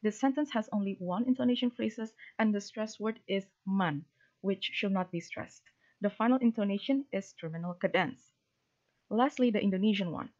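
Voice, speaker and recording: A woman presenting linguistics research, reading a prepared academic talk in a steady, formal way with a few fillers. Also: mid-range voice, moderate pace. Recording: dull lo-fi recording.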